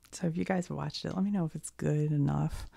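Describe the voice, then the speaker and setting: ASMR host, woman with a cold: dark husky half-whisper, soft and rambling. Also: low voice, fairly even intonation, moderate pace, dry recording, clean studio sound. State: has a cold. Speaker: ASMR creator. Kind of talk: soft-spoken ASMR chat.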